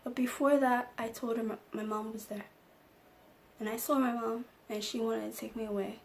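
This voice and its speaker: A woman vlogger telling a personal story in a soft, low-key storytime chat. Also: steady tone, normal speed, creaky, slight background noise. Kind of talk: casual storytime.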